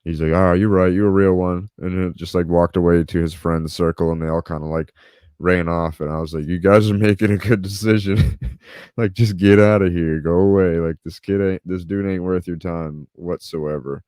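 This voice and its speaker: A man's voice: low voice, little pitch movement, normal speed, a little mellow, smooth, no echo, clean studio sound. A man hosting a podcast, telling a story casually, swearing freely and acting out what others said. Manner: laid-back, swears freely, acts out quotes. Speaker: podcast host.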